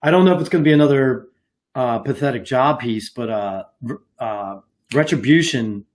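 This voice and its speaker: Man, podcast co-host, casual chat, rambling, filler-heavy, mid pitch. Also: normal speed, a little mellow. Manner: rambling, many fillers and restarts.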